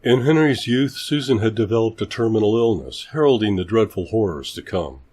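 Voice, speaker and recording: Male horror narrator, low, measured, dramatic, dry close recording. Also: lively intonation, darkish tone, husky, dry recording. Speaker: storyteller.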